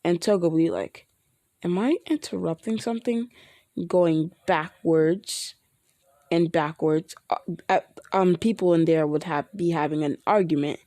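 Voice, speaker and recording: A woman's voice: sits low, steady tone, a little slow, mellow, no room sound, clean studio sound. A woman improvising fan fiction narration in a rambling way, full of restarts and fillers. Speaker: storyteller.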